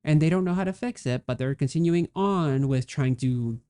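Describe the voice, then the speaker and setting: A woman co-hosting a podcast, chatting casually about a film, fast and animated with many fillers. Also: low voice. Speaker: podcast co-host. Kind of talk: casual movie discussion.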